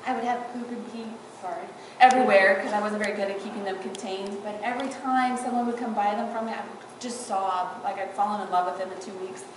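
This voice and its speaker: A woman delivers a personal funeral eulogy for her grandmother, speaking fast with few pauses in a medium-pitched, fairly even voice. As an adult granddaughter, she tells humorous, fond stories, tearful yet laughing often. The church audio is echoey and distant, with background noise.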